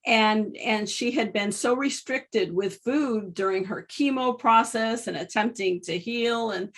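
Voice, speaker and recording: A woman with a husky, breathy voice and a fairly high pitch hosts a conversational interview. She talks earnestly and often restarts her sentences. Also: unhurried, a bit bright. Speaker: host.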